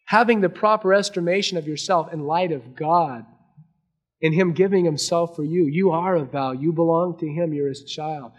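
A man preaching a sermon to a congregation, earnest, swinging between raised emphasis and hushed, quiet lines. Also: fairly high pitch, moderate pace. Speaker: pastor.

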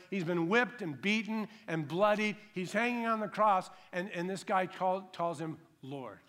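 Guy preaching a sermon, kinda high voice, gets loud then drops way quiet. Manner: emphatic preaching, swings from loud to hushed; acts out imagined voices in quick dramatic bursts. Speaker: pastor.

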